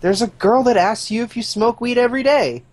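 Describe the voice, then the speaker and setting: A man's voice: extremely high pitch, brisk, slight background noise. Laid-back man as podcast guest. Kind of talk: casual chat.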